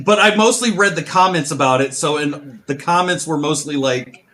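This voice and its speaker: A man's voice: a little high, normal speed, fairly bright tone. Easygoing man chatting about games. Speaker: podcast co-host. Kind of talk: casual chat.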